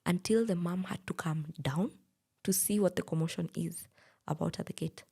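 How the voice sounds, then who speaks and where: Hushed, gravelly Kenyan woman. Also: on the low side, normal speed. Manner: hushed, breathy recounting. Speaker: podcast co-host. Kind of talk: personal storytelling.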